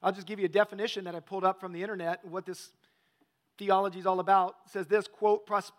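A man's voice: high-pitched, level tone, fast talker. A male pastor preaching a conversational sermon, often asking the congregation questions.

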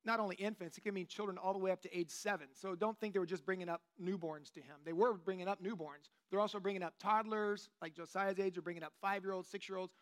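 A man in his late forties giving a relaxed, joking sermon to a church group in a conversational way, with plenty of fillers. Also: high voice, fast, few pauses. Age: 40s. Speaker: lay teacher. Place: church meeting room.

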